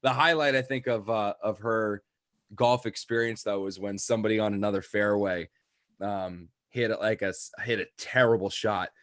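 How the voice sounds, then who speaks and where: A man's voice: on the low side, fairly even intonation, normal speed, fairly bright tone, no room sound, studio quality. A young man, a podcast co-host, telling a rambling casual anecdote full of "like" and quoted lines. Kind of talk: casual chat, storytelling.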